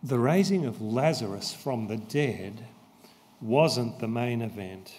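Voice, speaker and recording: A man preaching a sermon as pastor, slow and emphatic, repeating his key phrases. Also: medium pitch, expressive, a little mellow. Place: church. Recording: long church reverb.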